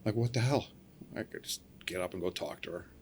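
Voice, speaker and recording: A man's voice: low voice, brisk, darkish tone, slight background noise. A middle-aged man on a podcast telling a story casually, acting out the voices of the people in it and laughing along. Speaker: podcast guest, cable splicer.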